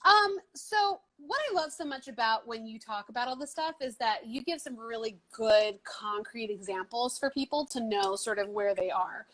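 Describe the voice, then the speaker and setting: High-voiced, enthusiastic woman host. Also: animated, moderate pace, few pauses, a bit bright. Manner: enthusiastic, friendly interviewer. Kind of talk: live video interview.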